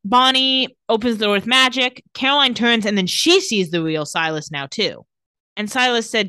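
A woman's voice: a little high, normal speed, smooth, no echo, clean studio sound. A woman casually recapping a TV episode scene by scene, acting out the characters' lines as she goes. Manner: animated storytelling, quoting characters. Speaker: podcast co-host recapping a TV episode.

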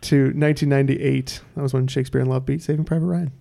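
A man hosting a casual podcast trivia game, reading questions slowly with frequent "uh" fillers. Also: mid-range voice, little pitch movement, vocal fry, mellow. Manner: reads questions slowly and deliberately, with many "uh" fillers. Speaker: quiz host.

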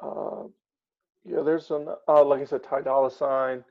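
A man's voice: medium pitch, level tone, measured pace, highs cut off. A man co-hosting a casual chat, talking hesitantly with many ums and uhs. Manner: hesitant, many fillers while reading lists. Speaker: podcast co-host.

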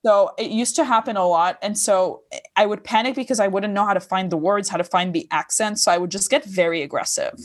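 A woman from Lebanon, a comedian, chatting casually on a podcast with a near-American accent and lively, laugh-filled storytelling. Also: medium pitch, brisk. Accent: American-sounding English with slight Lebanese tinge. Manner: animated storyteller, laughs often, acts out lines. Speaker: comedian guest.

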